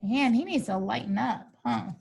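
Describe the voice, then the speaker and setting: A woman's voice: fairly high pitch, lively intonation, moderate pace, vocal fry, a little mellow, breathy edge, poor audio. A woman reading a picture book aloud, breaking in with casual, amused asides to her listeners. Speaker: storybook reader.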